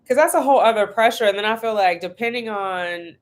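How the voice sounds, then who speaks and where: A woman's voice: medium pitch, brisk. A woman hosting a casual live stream from home, chatting and telling family stories. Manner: chatty, animated storytelling with laughs.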